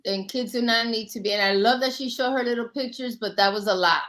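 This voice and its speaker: The panel host, a woman in her forties, runs a heated live discussion with confrontational bluntness and boastful self-assurance. She sounds a little high, a little fast and fairly bright, over poor-quality audio.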